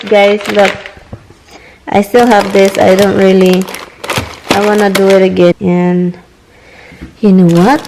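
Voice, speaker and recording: Filipina woman, home vlog host, excitable, with faint hiss behind. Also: medium pitch, gravelly. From Philippines. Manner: chatty, excitable, laughs often. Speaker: vlogger. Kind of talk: casual home vlog chat.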